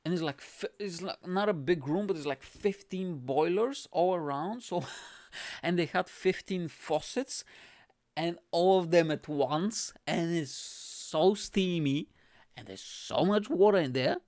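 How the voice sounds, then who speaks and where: A man's voice: a little high, measured pace, darkish tone, no room sound, studio quality. A young man from Bulgaria, a comedian hosting his own podcast, telling a story in a loose, slangy way full of "like" and "bro". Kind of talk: casual storytelling monologue.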